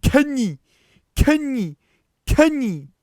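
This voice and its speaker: A man voicing a creepy stranger in a theater who shouts in a shrill, frantic voice. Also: sing-song, extremely slow, no echo, studio quality, heavily acted. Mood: frantic yelling. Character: creepy man yelling from the back row.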